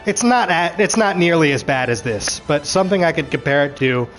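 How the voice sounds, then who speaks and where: A man ranting through a show recap, animated and frustrated, swearing freely and acting out characters' lines. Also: fairly high pitch, soft background music. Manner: acts out characters' lines in quick voices.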